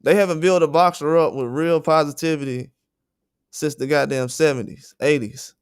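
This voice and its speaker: A man's voice: fairly high pitch, steady tone, normal speed, clean tone, no echo. Male livestream host, fired-up and profane, clean resonant tone with a dry close sound. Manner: blunt, profane, indignant. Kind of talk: heated livestream rant.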